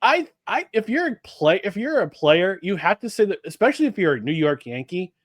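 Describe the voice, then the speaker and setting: Brief: sports podcast co-host, man, slightly high voice, animated and exasperated, close dry mic. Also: brisk, no room sound. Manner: animated, exasperated, restarts often. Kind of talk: casual sports talk.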